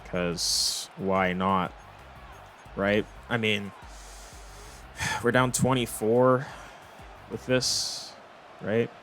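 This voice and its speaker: A man's voice: on the low side, very slow, long pauses, fairly bright tone. Young male gaming commentator, irritated, swears often, rambling. Faint music behind. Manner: exasperated, swearing, rambling complaints. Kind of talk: frustrated gameplay commentary.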